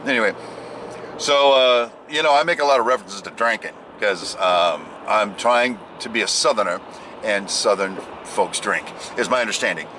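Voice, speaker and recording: A man's voice: fairly low pitch, animated, normal speed, background noise. A man talking casually to the camera while driving, rambling and joking at himself. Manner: rambling, jokey, self-deprecating. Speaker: vlogger. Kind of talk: casual driving vlog monologue.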